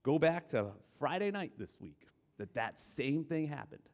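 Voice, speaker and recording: A man's voice: fairly high pitch, very animated, measured pace. A man giving a conversational sermon, candid and self-deprecating, telling stories about himself. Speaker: guest preacher. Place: church sanctuary. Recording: long hall reverb in a church.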